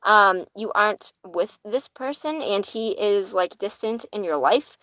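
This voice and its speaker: A woman's voice: mid-range voice, animated, unhurried, sharp tone, dry recording, low-quality recording. A woman giving casual live-stream tarot readings in a chatty manner, swearing casually and laughing easily. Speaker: tarot reader.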